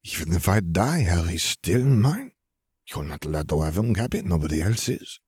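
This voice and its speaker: A man's voice: deep voice, expressive, normal speed, a little mellow, slightly rough, dry recording, exaggerated voice. A man voicing a possessive, teasing young witch in a storybook reading, with a dry, wry delivery.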